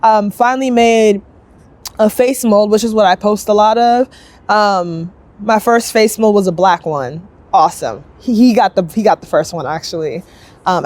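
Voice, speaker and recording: A young woman sculptor telling her story in a casual, upbeat interview, chatty and lively, acting out other people's lines as she goes. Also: mid-range voice. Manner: chatty, upbeat, quick bursts, acts out quoted voices.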